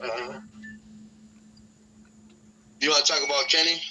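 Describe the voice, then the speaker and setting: A man's voice: steady tone, takes it slowly, pushed and bright, a little hiss or hum, poor audio. A man hosting a podcast, telling a rambling, profane story from northern Michigan in a loose, casual way. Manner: rambling, profane, acts out voices with big jumps in pitch. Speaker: podcast host.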